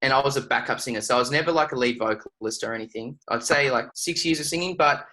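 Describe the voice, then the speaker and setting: Relaxed Australian guy talking shop. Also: mid-range voice, fast talker, rough recording. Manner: relaxed, rambling, lots of 'like' fillers. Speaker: guest producer. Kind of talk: casual studio interview.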